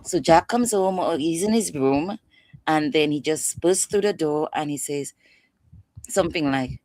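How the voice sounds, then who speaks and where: Woman, low voice, dry close sound, passionate and emphatic expert guest. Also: moderate pace, a little mellow, dry recording. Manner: passionate, emphatic, acts out quotes. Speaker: guest expert on mental health. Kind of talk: instructive interview talk.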